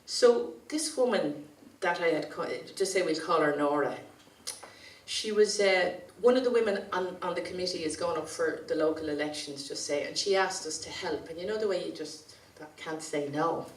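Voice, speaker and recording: A woman's voice: on the low side, moderate pace. Irish woman telling a story in a hall. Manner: chatty, anecdotal, colloquial. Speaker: community activist speaker. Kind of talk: storytelling speech at a conference. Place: conference hall. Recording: roomy sound from a distant mic.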